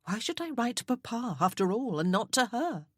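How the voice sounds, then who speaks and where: Woman voicing an impulsive young wife, earnest and affectionate, lifted voice, a touch husky, close dry audiobook. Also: on the high side, sing-song, moderate pace, no echo, voice pushed up. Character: young woman, newly wed, emotional, affectionate.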